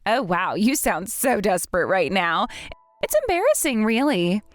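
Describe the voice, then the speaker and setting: A woman's voice: medium pitch, sing-song, moderate pace, dry recording, faint music behind, lightly acted. A woman voicing a snobbish, spoiled young bride in a text-message drama, with a sneering, condescending manner.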